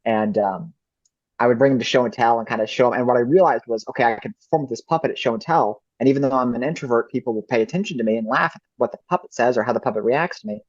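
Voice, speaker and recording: A man's voice: mid-range voice, fast, no echo. A man answering interview questions as a ventriloquist guest, reflective and thinking aloud. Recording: dull lo-fi dry recording.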